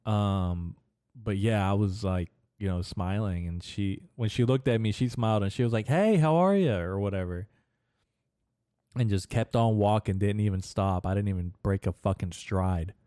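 A man's voice: lowish voice, steady tone, moderate pace, mellow, clear, resonant tone, dry recording, clean studio sound. A young man hosting his own podcast, rambling crudely and profanely through a casual solo monologue and laughing at his own jokes. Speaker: podcast host.

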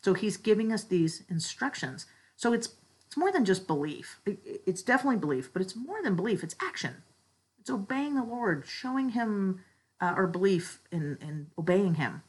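A woman's voice: medium pitch, very animated, moderate pace, slightly rough, low-quality recording. A woman giving an earnest, heartfelt faith talk that moves from a personal story to a spiritual lesson. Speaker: church speaker.

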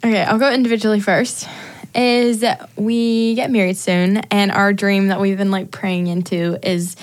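A woman's voice: mid-range voice, level tone, moderate pace. A woman talking as a podcast guest in a bubbly, chatty way, full of fillers. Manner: bubbly and talkative, many likes. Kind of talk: casual chat.

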